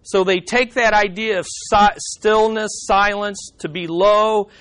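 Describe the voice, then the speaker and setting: A man's voice: high-pitched, steady tone, slow, fairly bright tone, clear, resonant tone. A man teaching a Bible study lesson in a conversational way, with dry humorous asides and frequent restarts.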